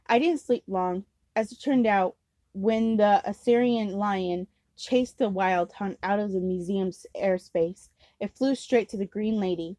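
A woman's voice: medium pitch, unhurried, dark tone, no echo, poor audio. A woman reading a novel aloud casually as an amateur reader, unpolished with slips and restarts.

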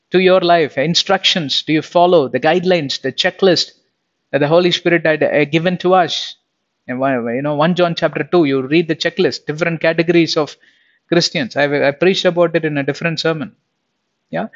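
A young adult man preaching in a chatty, questioning way, often turning to his listeners. His voice sits a little higher than most men's. The recording sounds dull and lo-fi. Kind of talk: sermon.

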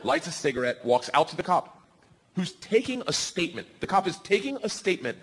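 Energetic stand-up comedian with shouted punchlines. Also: male voice, on the high side, brisk, slightly rough, big-room sound. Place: comedy stage before a live audience.

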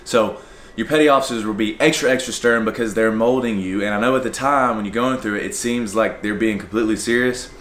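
A young man and Navy sailor talking casually to camera, telling stories with animated energy and speaking directly to viewers. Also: on the low side, brisk, slight background noise. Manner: animated, acts out shouted commands mid-story; talks straight to viewers with repeated "okay?".

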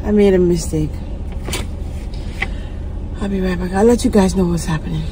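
A woman vlogger chatting casually and excitedly straight to her viewers. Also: on the low side, moderate pace, a little hiss or hum, rough recording. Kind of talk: casual vlog chat to viewers.

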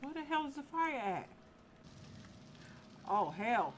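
In a casual let's-play, a woman commentates a life-simulation game, scolding the characters in exasperation. Her voice is high-pitched, sing-song and slow, with slight background noise.

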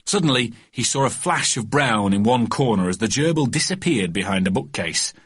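A man narrating a children's storybook audiobook with a lively, expressive reading. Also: medium pitch, moderate pace, breathy edge, no echo, studio quality.

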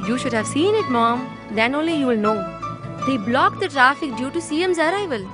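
Keyed-up young woman, high voice, loud music under. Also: expressive, fairly quick. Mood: anxious. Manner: anxious, eager. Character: eager, anxious young woman. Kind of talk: film dubbing. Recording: film audio with loud music.

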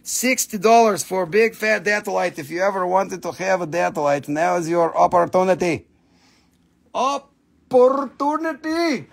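A man's voice: sits high, steady tone, normal speed, gravelly, hardly any pauses. Crude, joking man selling crystals. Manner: crude joking sales patter. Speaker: live sale host. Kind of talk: live shopping stream.

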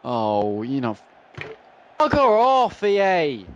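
A young man commentating his own football video game play, swinging between frustrated groans and excited shouts. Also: a little high, slow pace, dull audio. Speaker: gaming YouTuber. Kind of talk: live gameplay commentary.

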